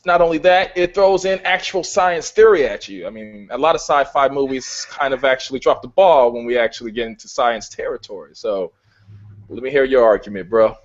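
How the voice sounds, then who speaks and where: A man's voice: medium pitch, muffled recording. A man debating a film in casual talk, emphatic and heavy on swearing. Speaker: film reviewer.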